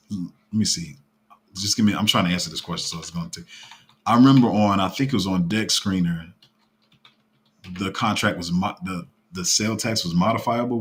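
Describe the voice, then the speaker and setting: A man hosting a casual live stream about his paid crypto group, talking in a fairly flat, even tone and rambling with restarts. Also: deep voice. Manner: rambling, with many fillers and restarts.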